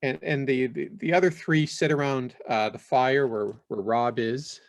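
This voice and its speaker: A man narrating a tabletop game as game master, halting with many fillers. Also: mid-range voice, steady tone, dry recording, clean studio sound.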